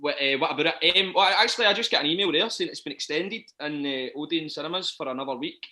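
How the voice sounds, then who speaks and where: Bright-voiced Scottish man, hesitant chat. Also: a little high, quick pace, echoey room. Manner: hesitant, full of ums and restarts. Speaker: actor and podcast guest. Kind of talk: casual chat.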